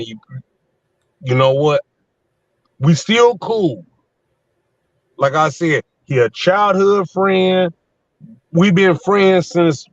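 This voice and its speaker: A man's voice: on the high side, dry recording. A man in his fifties, a guest on a live panel, telling a story in a heated, profane way from his truck on the road. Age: 50s. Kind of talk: casual live panel chat. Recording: dull lo-fi line.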